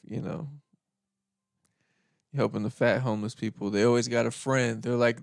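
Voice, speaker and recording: Gravelly, laid-back podcast host. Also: male voice, mid-range voice, steady tone, moderate pace, no room sound, clean studio sound. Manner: laid-back rambling with frequent laughs and "you know". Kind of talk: casual storytelling monologue.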